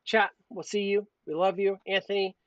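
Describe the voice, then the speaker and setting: A man's voice: high voice, flat delivery, normal speed, dry recording. A man co-hosting a livestream, casual chat that rambles with crude jokes. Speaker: co-host. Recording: dull lo-fi stream audio.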